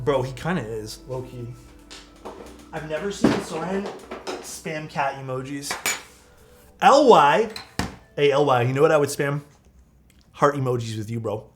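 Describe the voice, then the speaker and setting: Chatty young man live-streaming a build. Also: on the high side. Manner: chatty, answers chat while working, loose filler-heavy talk. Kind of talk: casual live-stream chat. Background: faint music.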